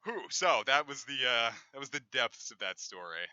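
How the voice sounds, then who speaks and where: Bright, sharp-voiced man streaming a game. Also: medium pitch, sing-song, moderate pace, dry recording, dull audio. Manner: candid, rambling, with frequent fillers and swearing. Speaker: let's play streamer. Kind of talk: casual gameplay commentary.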